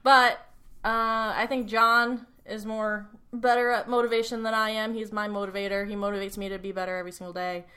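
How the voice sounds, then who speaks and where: A woman co-hosting a podcast as a trainer, chatting in a relaxed, laid-back way. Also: medium pitch, brisk. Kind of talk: casual podcast chat.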